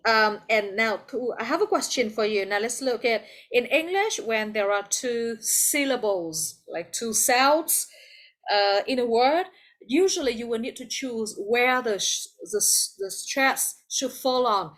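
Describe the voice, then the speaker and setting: A woman's voice: a little high, lively intonation, a little slow, a bit bright. A woman with a Vietnamese accent teaching an English class over a video call, patient and encouraging, calling on students by name.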